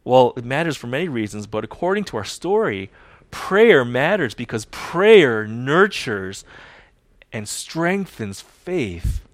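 A man, a pastor, preaching a sermon emphatically, repeating key lines and swinging between loud declarations and hushed, slow phrases. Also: medium pitch, very animated, no room sound.

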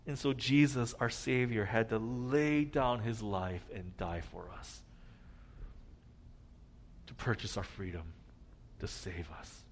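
A man preaching a sermon, earnest, rising to loud emphasis and dropping to a near hush at key points. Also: medium pitch. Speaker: pastor.

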